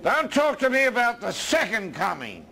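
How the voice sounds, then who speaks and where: An American man preaching a sermon as a minister, his voice dropping low and soft and then rising again. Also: wildly swooping pitch, moderate pace, gravelly, crowd noise.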